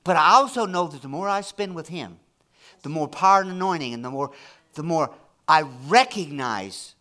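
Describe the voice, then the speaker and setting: A man preaching a church sermon in an animated, emphatic way, often repeating his phrases for effect. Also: fairly high pitch, normal speed. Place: church service.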